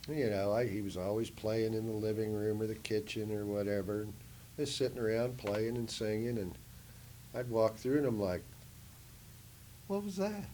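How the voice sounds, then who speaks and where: Low-voiced man telling band stories. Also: moderate pace, a little hiss or hum. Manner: animated, acts out quotes in a raised voice; drops low and soft on sad parts. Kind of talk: casual oral history storytelling. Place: museum interview room.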